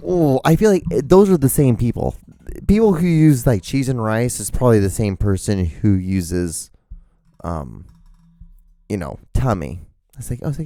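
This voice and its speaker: A man's voice: mid-range voice, expressive, moderate pace, warm tone, no room sound, clean studio sound. A man hosting a casual solo podcast, rambling, swearing and poking fun at himself. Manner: rambling, profane, self-mocking. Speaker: podcast host. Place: indoors, rain outside. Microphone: microphone, host wearing earphones.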